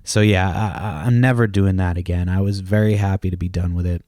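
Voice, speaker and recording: A man with a lowish voice hosts a casual podcast, drifting from story to story. He swears constantly, stumbles and restarts his sentences, and chuckles at his own tales. The sound is dry and close. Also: steady tone, fairly quick, mellow, dry recording. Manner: profane, storytelling, lots of restarts and fillers; laughs at his own stories. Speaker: podcast host. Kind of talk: rambling casual chat.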